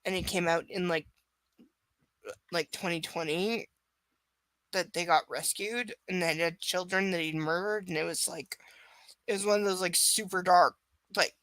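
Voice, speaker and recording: A woman's voice: lowish voice, moderate pace, pauses often, a bit bright, no room sound. A woman reading a novel aloud live, breaking off for sarcastic, profane asides. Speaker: live book reader. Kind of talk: casual live reading with commentary.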